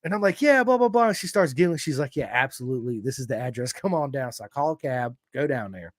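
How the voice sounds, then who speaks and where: A man's voice: medium pitch, fast talker, no echo. Country-accented American man, podcast host, hyped-up storyteller, dry sound. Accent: American Southern country. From United States. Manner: excitable storyteller, swears freely, big swings in energy. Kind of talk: casual chat.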